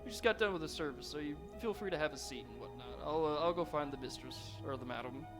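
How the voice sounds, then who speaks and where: A man's voice: on the high side, fast, close to an everyday voice. A man voicing an eager, friendly young man who works at a church in a tabletop game, welcoming and chatty. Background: background music.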